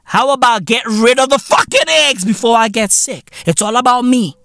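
A man's voice: extremely high pitch, moderate pace, sharp tone. A man with a South African accent hosting a podcast in a comedic rant, profane and repetitive with lots of slang. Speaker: podcast host.

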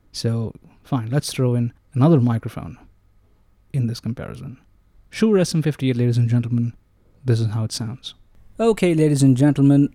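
A man reviews microphones at close range in a playful, self-mocking way, often addressing his audience as ladies and gentlemen. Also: mid-range voice, no echo. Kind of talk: casual gear review monologue. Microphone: close-up dynamic microphones, about three inches away.

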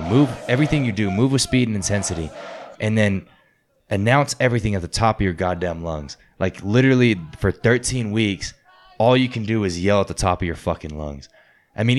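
A man's voice: fairly low pitch, a little hiss or hum. A man telling blunt, profane stories about boot camp in casual podcast chat. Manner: profane, blunt, animated storytelling. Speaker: podcast host, former Marine.

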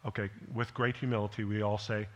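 Speaking a little fast in a lowish voice with little pitch movement, a pastor preaches conversationally, tossing rhetorical questions at the listeners as check-ins. He builds to an emphatic delivery.

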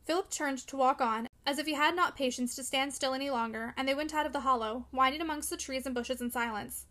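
A woman narrating a classic novel in a measured, steady reading. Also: high-pitched. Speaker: audiobook narrator.

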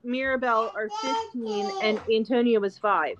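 A woman's voice: fairly high pitch, very animated, moderate pace, dull audio, noisy background. A woman chatting casually as a podcast co-host, talking in a loose, chatty way with lots of "like" fillers. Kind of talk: casual chat.

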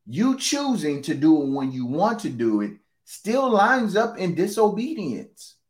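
A man's voice: high voice, sing-song, measured pace. A man preaching a conversational sermon, repeating key phrases for emphasis and reading scripture aloud.

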